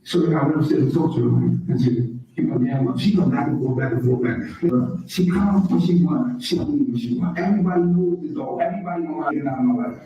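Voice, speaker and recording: A man testifying as a witness in court, halting and rambling with frequent profanity, recorded far off in a courtroom. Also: on the high side, highs cut off. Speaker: witness on the stand. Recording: echoey courtroom audio from far off.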